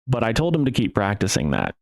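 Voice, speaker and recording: A man's voice: mid-range voice, huge pitch swings. A man hosting a podcast, talking in a casual, rambling monologue full of restarts and the odd curse word. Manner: rambling and profane, with restarts and trailing pauses. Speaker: podcast host.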